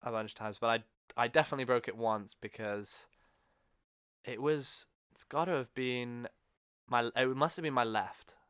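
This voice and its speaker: A man's voice: medium pitch, steady tone, moderate pace, fairly bright tone, clear, resonant tone, dry recording, studio quality. A man hosting a podcast, telling a long story in a rambling, self-correcting way. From England. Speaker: podcast host. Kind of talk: casual chat.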